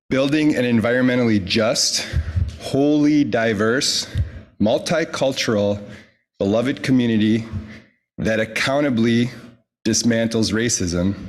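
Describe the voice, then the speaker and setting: A man slowly reading a prepared church statement to a congregation, with deliberate pauses and emphasis. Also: on the low side.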